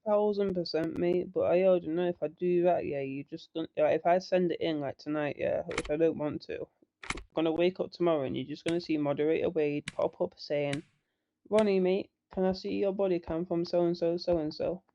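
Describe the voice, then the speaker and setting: A man's voice: fairly high pitch, fairly even intonation, brisk, mellow, a little hiss or hum. A young man telling a heated, sweary story in casual chat. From northern England. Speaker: online roleplay gamer. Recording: muffled faulty mic.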